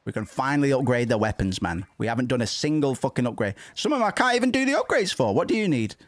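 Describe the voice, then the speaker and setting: A man's voice: medium pitch, sing-song, fast, no echo. A man giving casual, irreverent and jokey commentary while streaming a video game. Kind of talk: casual let's-play commentary.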